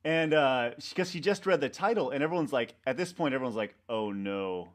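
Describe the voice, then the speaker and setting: A man, a website co-founder, talking in a casual interview, rambling and halting with many restarts and fillers. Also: on the high side. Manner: animated storyteller acting out coworkers' lines.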